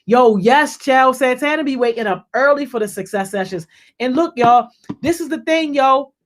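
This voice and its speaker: Upbeat youth leader full of "yo"s. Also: moderate pace. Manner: peppers speech with "yo", repeats and restarts phrases; energetic, rises in pitch and volume when greeting people by name. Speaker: youth program leader hosting a group call. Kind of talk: casual shout-outs and encouragement.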